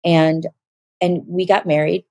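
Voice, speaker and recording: A woman giving a personal testimony as an interview guest, telling her story in a lively way and acting out what people said. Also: lowish voice, a little slow, creaky, dry recording. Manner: animated, acts out dialogue in quoted voices.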